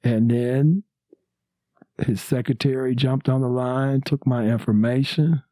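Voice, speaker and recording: A man's voice: medium pitch, fairly even intonation, measured pace, mellow, no room sound. A man, a comedian and podcast guest, telling a story casually with lots of fillers and acted-out quotes. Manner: anecdotal, many fillers, acts out quotes. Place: podcast studio.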